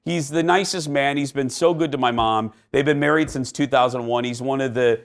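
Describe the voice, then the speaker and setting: A man's voice: mid-range voice, fairly quick. A middle-aged man from Indiana hosting a daytime talk show, chatting and telling a family story with lots of fillers and restarts. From Indiana, United States. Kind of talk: casual chat and storytelling.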